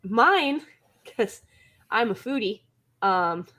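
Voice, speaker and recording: A bright-voiced woman from the American Midwest co-hosts a casual podcast chat. She tells stories with bubbly energy, laughs often and swoops up high when she gets worked up. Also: lively intonation, very slow. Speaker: podcast co-host.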